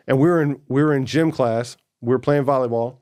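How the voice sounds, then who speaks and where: A man of middle pitch talking as a guest on a podcast, rough and casual, swearing freely. He fills his story with street slang and voices the other people in it as he goes. His tone stays conversational and unscripted. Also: normal speed, a little mellow. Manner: profane, slangy, keeps saying bro and dude; acts out other people's words mid-story.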